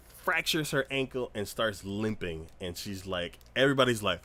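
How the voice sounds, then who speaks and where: A man co-hosting a casual anime review podcast, retelling a show's plot as a lively storyteller who acts out scenes with loud squeals and laughter. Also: medium pitch, moderate pace. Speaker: podcast co-host. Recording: livestream podcast.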